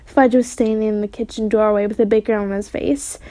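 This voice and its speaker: A woman reading a children's chapter book aloud in steady storytelling narration. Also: medium pitch, a little fast, no room sound. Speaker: reader.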